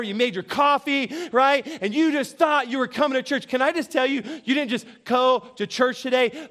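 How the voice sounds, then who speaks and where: A male pastor delivers a sermon in church with an unusually high voice. He speaks earnestly, repeating his key phrases for emphasis and now and then laughing at his own lines. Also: fairly bright tone.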